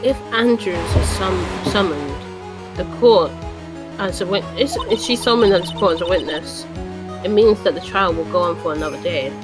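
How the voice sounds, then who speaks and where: A woman's voice: on the low side, moderate pace. A woman streamer chatting and joking casually while playing a game. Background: game music.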